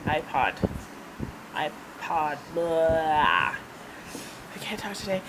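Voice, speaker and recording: On a handheld device's camera mic, a woman vlogger with a medium-pitched voice tells a personal story at an unhurried pace, rambling and chatting, laughing often and using ums and restarts. The background is noisy.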